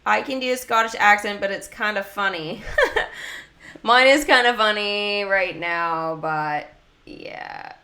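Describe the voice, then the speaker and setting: A woman streams a mobile game and chats to her viewers as she plays. Her voice is bright and crisp, with a casual, talkative commentary style. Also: medium pitch, slow pace. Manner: chatty, talks to chat and viewers. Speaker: gaming livestreamer.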